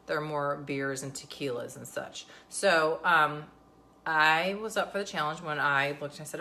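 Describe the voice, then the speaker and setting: A woman's voice: low-pitched, measured pace, bright, forceful tone, a little hiss or hum. Chatty sarcastic woman vlogger. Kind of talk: casual chat to camera.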